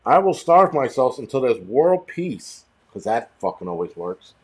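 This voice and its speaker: A man's voice: medium pitch, a little slow, slightly rough. Guy rambling on his stream, swears constantly, gets worked up. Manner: profane, rambling, animated. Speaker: host. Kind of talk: casual livestream chat.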